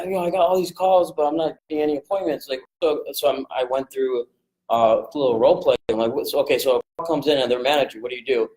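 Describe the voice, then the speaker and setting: A man coaching a group on sales rapport in a casual, energetic way, jumping into quick voices to act out phone calls. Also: on the high side, reverberant, poor audio. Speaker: real estate investing coach.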